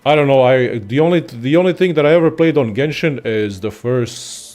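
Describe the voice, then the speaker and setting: A young man casually ranting about games in a profane, excitable, rambling way as a content creator. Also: mid-range voice, normal speed, soft background music. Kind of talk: casual gaming rant.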